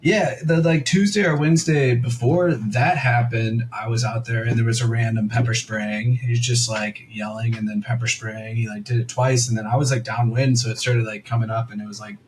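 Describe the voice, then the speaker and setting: A man's voice: mid-range voice, fairly even intonation, normal speed, few pauses, slight background noise, rough recording. A young man co-hosting a podcast, telling a story in a rambling, casual way full of "like" and quoted asides. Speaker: podcast co-host.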